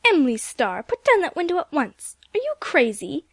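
A woman's voice: high voice, animated, moderate pace, no echo. A woman voicing a strict, fussy old aunt who scolds and gives orders in a storybook reading. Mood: scolding. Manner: scolding, sharp, commanding.

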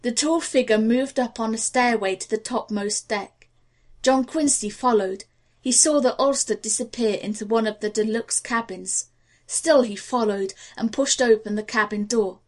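A woman narrating an audiobook with a steady, expressive reading. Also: a little high, normal speed.

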